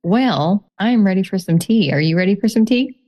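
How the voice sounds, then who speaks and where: A woman's voice: medium pitch, lively intonation, moderate pace, mellow. A woman hosting a casual podcast, chatting in a cheerful, playful way. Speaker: podcast host.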